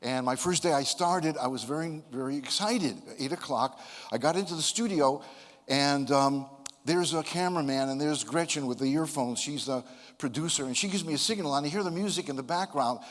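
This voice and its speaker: A man's voice: fairly high pitch, brisk. Playful older man telling stories. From United States (Connecticut). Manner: playful, self-deprecating, humorous. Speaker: speaker. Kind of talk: motivational talk with storytelling. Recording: long hall reverb.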